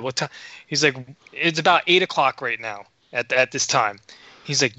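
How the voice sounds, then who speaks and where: Animated man telling a story, bright voice. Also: medium pitch, a little fast, no room sound, highs cut off. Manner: animated, profane, acts out dialogue. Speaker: podcast co-host. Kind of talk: casual storytelling.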